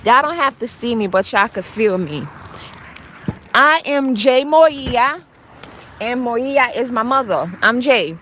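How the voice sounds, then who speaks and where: A woman's voice: a little high, lively intonation, slow. A young woman chatting slangily and boastfully on a casual live phone video. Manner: slangy, chatty, self-hyping. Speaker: live-stream host. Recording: noisy with vehicle sounds behind.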